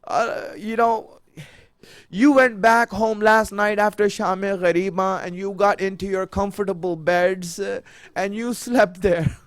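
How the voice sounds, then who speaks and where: High-voiced man preaching an emotional sermon. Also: fairly even intonation, a little slow, clean tone, no echo. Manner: emotional, rising to near-shouts, repeats phrases.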